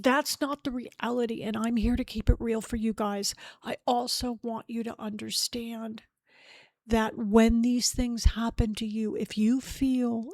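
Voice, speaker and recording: A woman's voice: on the high side, a little mellow, dry recording. A middle-aged woman hosting a personal grief podcast, speaking in an earnest, heartfelt, openly emotional way. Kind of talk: personal spiritual grief talk.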